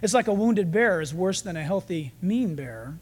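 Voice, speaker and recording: A man's voice: sits high, expressive, normal speed. A male pastor giving a sermon, telling stories and jokes in a conversational way.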